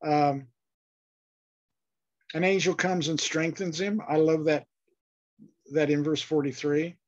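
A man's voice: fairly high pitch, steady tone. Man teaching a Bible class, lo-fi audio. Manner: thoughtful, halting, many fillers and restarts. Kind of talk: online Bible class lecture.

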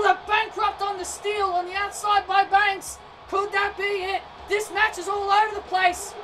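A woman doing excitable play-by-play wrestling commentary over a video game, often shouting and tripping over her words. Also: very high voice. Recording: distant mic with noisy background.

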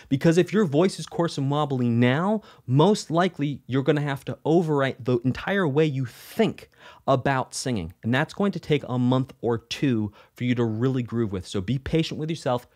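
A man teaching music in a live question-and-answer lesson, talking energetically, repeating himself and telling stories. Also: medium pitch. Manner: energetic, repeats phrases, animated storytelling.

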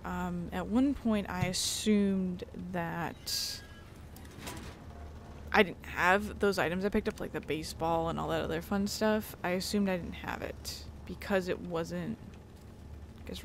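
A woman's voice: fairly low pitch, unhurried, slight background noise. A woman hosting her gaming channel, chatting casually as she plays and sometimes swearing at the game. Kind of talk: let's play commentary.

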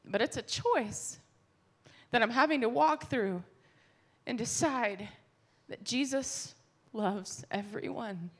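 Woman, slightly high voice, candid church testimony, plainspoken. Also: slow pace. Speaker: pastor's wife. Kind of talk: sermon.

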